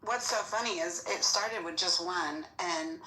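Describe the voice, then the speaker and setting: A woman talking in a casual, expressive chat. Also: fairly low pitch, unhurried. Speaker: participant in a social audio chat room. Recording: echoey room with faint noise.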